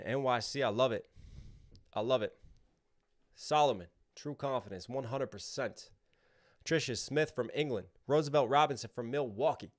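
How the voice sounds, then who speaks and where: A man's voice: medium pitch, fairly bright tone. A young man hosting a livestream, chatting casually and reading out viewer names and donations. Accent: American.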